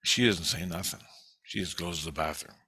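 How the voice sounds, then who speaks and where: A man's voice: low voice, fairly quick, bright, forceful tone, breathy edge, no echo. A man telling a rambling personal story in a casual, profane way.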